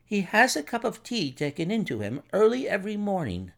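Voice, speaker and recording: A man's voice: wildly swooping pitch, fairly quick, vocal fry, full character voice. A man doing a frantic, shaken doctor. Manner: high, breathless, agitated pleading.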